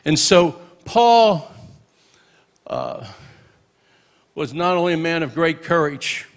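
A man in his late sixties speaks at a church memorial. His voice sits a little high for a man. He shares memories of an old friend as stories and breaks into shouts of praise between them. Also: animated, slow pace. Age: 60s. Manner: storytelling, punctuated with exclamations of praise. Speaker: minister giving a eulogy. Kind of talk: memorial tribute speech with humorous anecdotes.

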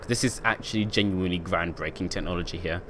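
Deep-voiced and fast-talking, a young British man keeps up a chatty, joking commentary as he streams a bus game and talks to his chat. The background is noisy during this casual gameplay session.

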